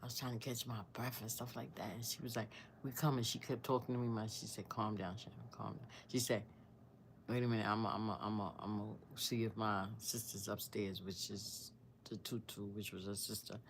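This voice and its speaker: A woman's voice: very deep voice, flat delivery, a little fast, slight background noise. Earnest older woman telling a personal story. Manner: rambling, searching for words, drops to a hushed near-whisper; earnest and devout. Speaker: storyteller vlogger.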